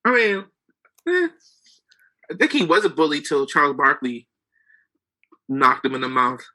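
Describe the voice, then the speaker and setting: Young male co-host, casual sarcastic chat, tense bright tone, slightly high. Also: very animated, measured pace, poor audio. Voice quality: laid-back, sarcastic, says bro a lot. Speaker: podcast co-host.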